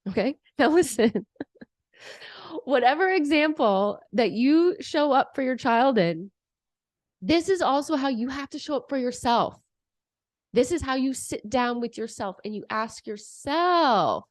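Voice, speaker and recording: A young adult woman gives emotional coaching advice directly to the camera, animatedly acting out parent voices in her examples. Her fairly high voice moves at a moderate pace in a dry, clean studio recording.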